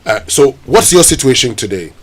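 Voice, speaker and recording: With slight background noise, a man with a Ghanaian accent speaks at medium pitch, fairly quickly and with big swings in pitch. Hosting a morning radio show, he chats casually and reads out newspaper headlines conversationally.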